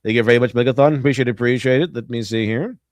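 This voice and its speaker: A man's voice: mid-range voice, very fast, no echo, clean studio sound. A man hosting a casual livestream, reading donations aloud and chatting playfully. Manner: lively, playful, slips into mock voices. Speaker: stream host.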